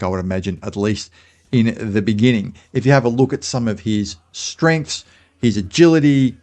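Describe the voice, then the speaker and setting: A man with an Australian accent chats casually as the host of a fan channel. His voice sits at an ordinary middle pitch. He thinks aloud as he goes, dropping in fillers and restarting sentences. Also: a little mellow. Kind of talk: casual spoken commentary.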